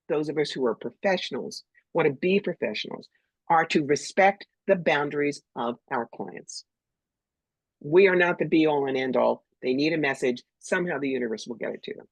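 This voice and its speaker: امرأة مسنّة من نيويورك بصوت أجشّ، تتحدث بصراحة وحيوية كضيفة في مقابلة، في تسجيل جاف قريب. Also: female voice, deep voice, no echo, rough recording. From New York. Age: older. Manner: blunt, animated, acts out voices. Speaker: psychic medium, guest. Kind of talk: storytelling interview talk.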